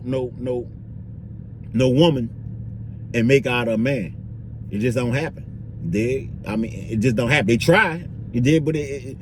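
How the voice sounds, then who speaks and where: A man's voice: mid-range voice, a little hiss or hum. A man vlogging in a loose, slangy street-talk monologue, filling it with "you dig" and "bro".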